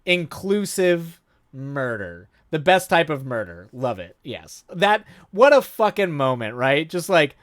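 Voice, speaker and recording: A man streaming live, reading a story aloud and breaking off into excited, rambling commentary. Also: on the high side, unhurried, few pauses, no echo, clean studio sound. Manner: enthusiastic, rambling commentary with many fillers and restarts.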